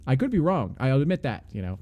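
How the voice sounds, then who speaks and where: A man's voice: medium pitch, big pitch swings, fast talker, warm tone. A man voicing a tall, nervous, overly polite male elf who stammers and keeps apologizing. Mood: apologetic.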